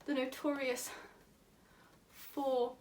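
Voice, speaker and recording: A woman with a high voice speaks in an animated, chatty infodump, now and then laughing mid-sentence. She sits a little away from the mic. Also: drawn-out words, distant mic. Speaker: vlogger. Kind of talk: enthusiastic casual infodump.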